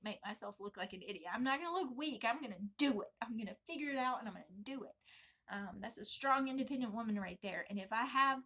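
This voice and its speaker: A young woman vlogging casually, talking in an emphatic, chatty and animated way. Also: fairly high pitch. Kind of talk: casual pregnancy vlog talk.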